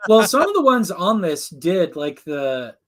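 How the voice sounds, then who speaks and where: An eager man chatting casually about old cartoons, often slipping into quick character quotes. His voice sits a little high. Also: sing-song, a bit bright. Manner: enthusiastic, drops quick cartoon impressions. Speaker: co-host reviewing classic cartoons. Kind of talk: casual chat.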